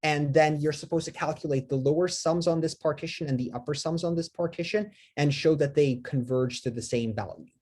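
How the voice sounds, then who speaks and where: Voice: mid-range voice, fairly quick, few pauses, a little mellow. A lecturer giving a live math lecture, talking with many fillers, restarts and self-corrections, and asking the class questions.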